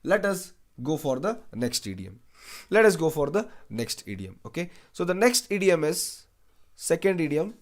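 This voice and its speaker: Young guy teaching online exam prep, kinda high voice, keeps saying "right?" and slips into hindi. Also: very animated, moderate pace. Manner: repeats phrases, asks "right?" after most lines; mixes English with Hindi asides. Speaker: educator.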